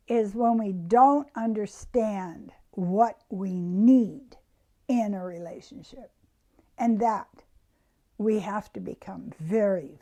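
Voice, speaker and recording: A woman giving a reflective self-help talk to her viewers, soft-spoken and often dropping to a hushed near-whisper. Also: medium pitch.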